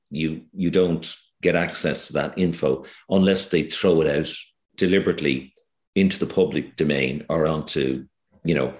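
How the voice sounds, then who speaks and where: An Irish actor talking casually as an interview guest, hesitant, with many fillers and restarts. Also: male voice, very deep voice, reverberant.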